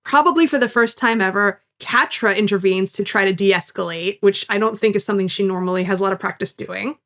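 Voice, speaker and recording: A woman's voice: medium pitch, fairly quick, fairly bright tone. A woman co-hosting a podcast, recapping an episode in casual chat and acting out the characters' lines with enthusiasm. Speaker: podcast co-host.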